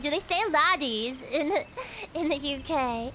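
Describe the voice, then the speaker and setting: Bright, high-pitched, giggly woman. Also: slight background noise. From United States. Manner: giggly and animated, quick asides. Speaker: VTuber streamer. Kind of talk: casual livestream chat, reading chat aloud.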